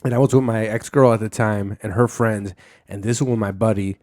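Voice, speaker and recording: A man's voice: lowish voice, fairly even intonation, a little fast, a little mellow. A man in his thirties hosting a podcast, telling rambling stories in casual chat, swearing freely and laughing often. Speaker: podcast host.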